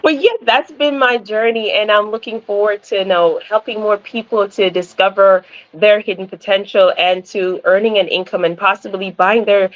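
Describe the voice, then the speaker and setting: A woman's voice: medium pitch, steady tone, moderate pace, highs cut off. Upbeat Jamaican woman on a video call. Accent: American-sounding English. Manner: upbeat, laughs often. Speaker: guest. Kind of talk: casual interview chat.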